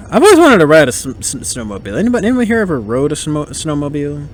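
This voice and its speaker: A man's voice: fairly high pitch, huge pitch swings, a little fast, a little hiss or hum. A man hosting a podcast, chatting casually in a movie commentary, joking and laughing often. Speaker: podcast host.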